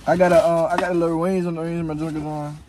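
Young guy a bit away from the mic, kinda high voice, music going. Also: flat delivery, quick pace, noisy background. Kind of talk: casual banter with friends. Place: outdoors at a fair. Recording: distant voice over music.

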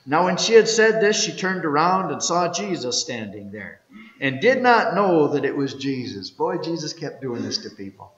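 A man preaching an Easter sermon as pastor, telling the story and reading scripture aloud, swinging from loud to hushed. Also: fairly high pitch, expressive, moderate pace, roomy sound, big-room sound, lo-fi sound. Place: church sanctuary.

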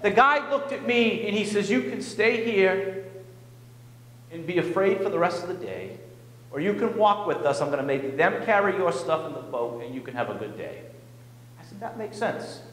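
A male pastor telling a personal story in an animated, self-mocking way during a sermon in a church. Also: high voice, normal speed. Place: church sanctuary. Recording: echoey church hall.

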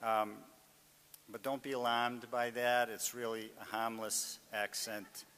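A man's voice: medium pitch, little pitch movement, slow pace, fairly bright tone, in a large hall. A man with a Boston accent, an author speaking earnestly and restarting his sentences often as he reflects on his life and addresses students. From Greater Boston.

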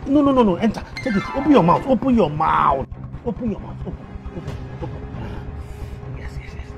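A man's voice: sits high, sing-song, brisk, vocal fry, muffled recording, exaggerated voice. An actor playing an abusive male tutor who talks in a coaxing, threatening way in a skit. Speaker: private tutor. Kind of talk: skit acting. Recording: music bed under voice.

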